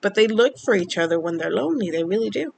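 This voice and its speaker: A woman vlogger casually telling a personal story, rambling and halting with many fillers, sounding upset and emotional. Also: medium pitch, expressive, vocal fry, a little hiss or hum, rough recording. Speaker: vlogger keeping a mood journal.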